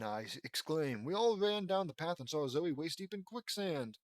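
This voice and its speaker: Male reader, slightly high voice, dry close sound, dry mocking narration with irritated asides. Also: lively intonation, moderate pace, few pauses, no room sound. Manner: sarcastic asides, frustrated commentary. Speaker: reader of fan fiction. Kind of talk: mocking audiobook reading.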